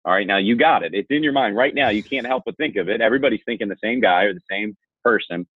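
A man's voice: fairly low pitch, fast talker, breathy edge, no room sound. A man, a podcast guest who works in insurance marketing, telling a story in a candid and self-assured way. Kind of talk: storytelling conversation. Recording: tinny phone-like line, dry.

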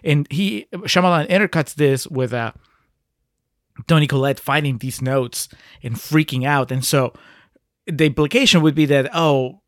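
A man's voice: on the high side, a little slow, no echo, studio quality. A man co-hosting a casual movie podcast, taking the film apart in a wry, analytical way and laughing often. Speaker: podcast co-host. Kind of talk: casual movie-discussion chat.

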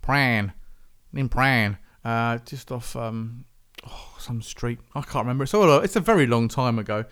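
A man's voice: medium pitch, moderate pace, a bit bright, smooth. A man hosting a music podcast, chatting casually and rambling. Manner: rambling, chatty, self-interrupting. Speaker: podcast host.

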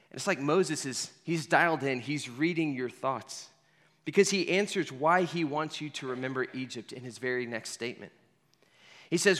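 A man delivers a sermon as guided storytelling, speaking straight to the listener and repeating key lines for weight. His voice sits slightly high for a man. A long reverb trails each phrase. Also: a bit bright. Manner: speaks in the second person, leading listeners through a scene. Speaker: preacher.

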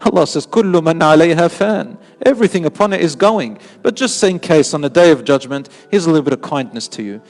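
A man giving an animated sermon who repeats words for emphasis and mixes in Arabic phrases. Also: on the high side, brisk, few pauses, big-room sound. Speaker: Islamic preacher. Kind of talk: sermon with storytelling.

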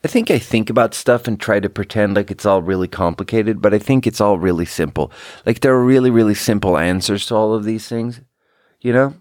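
A man's voice: lowish voice, fairly quick, a little mellow, no room sound, studio quality. A man hosting a solo podcast, talking in a rambling, introspective and self-critical way about managing a team. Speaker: podcast host. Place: indoors at home by an open window.

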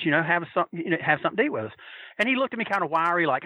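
A man telling a story in a casual, animated way, swearing freely and acting out the voices of the people he quotes. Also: high-pitched, rapid-fire, no echo, rough recording. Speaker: storyteller recalling wrestling fan days.

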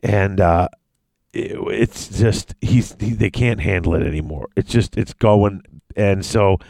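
A man casually retelling a fantasy battle story, excitable and rambling. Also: measured pace, gravelly, no room sound. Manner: excitable, rambling, big pitch swings. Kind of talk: casual chat.

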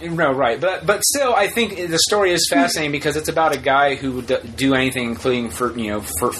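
A man co-hosting a podcast in casual chat, rambling and animated, often acting out quotes. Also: on the high side, fast, noisy background. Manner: rambling, animated, acts out quotes in put-on voices. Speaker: podcast co-host.

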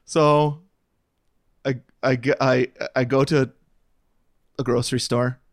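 A man's voice: mid-range voice, flat delivery, slow pace, dry recording, clean studio sound. A man co-hosting a podcast who tells a rambling story full of laughs and restarts in casual chat. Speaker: podcast co-host. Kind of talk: scripted intro narration, then casual chat.

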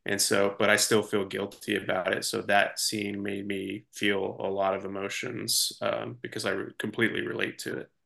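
A man co-hosting a movie podcast, speaking in a dry, halting way during casual chat. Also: fairly low pitch, monotone, vocal fry, bright, forceful tone. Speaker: podcast co-host.

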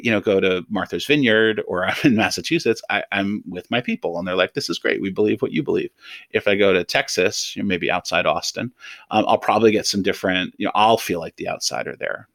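Deep-voiced man explaining, dry sound. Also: fairly bright tone, dry recording. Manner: thoughtful, measured, frequent ums and restarts. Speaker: threat assessment expert guest. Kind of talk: interview answers, explaining.

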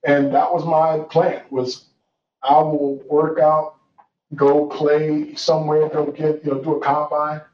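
A man's voice: a little high, little pitch movement, slow pace. Earnest young man telling his story, roomy. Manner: earnest, reflective, with many fillers and restarts. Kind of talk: personal storytelling. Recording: roomy, distant, dull sound with faint noise.

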